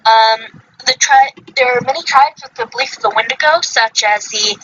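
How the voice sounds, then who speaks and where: A woman's voice: sits high, expressive, normal speed, bright, forceful tone, lo-fi sound, a little hiss or hum. A woman hosting a casual livestream podcast, reading from her research notes and stumbling over unfamiliar names. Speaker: podcast host.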